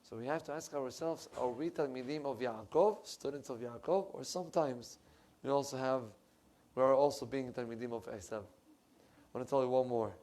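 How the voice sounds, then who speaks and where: A middle-aged male rabbi preaching a sermon in a synagogue, animated and emphatic, swinging from loud to soft. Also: medium pitch, normal speed.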